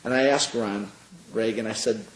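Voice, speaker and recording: A man's voice: lowish voice, moderate pace. A middle-aged man, a pastor, recalls events in an oral history interview, telling the story earnestly with many fillers. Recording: roomy with faint hiss.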